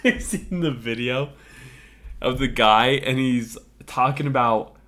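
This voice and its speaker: A man co-hosting a podcast in casual comedic chat, tossing in quick joking questions and remarks. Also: medium pitch, fairly even intonation, a bit bright.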